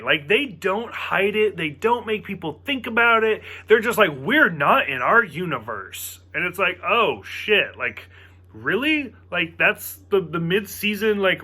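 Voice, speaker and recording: A man's voice: high voice, bright, forceful tone, slightly rough. A man giving a casual spoken review of a TV episode, rambling with lots of "like" fillers and sounding exasperated.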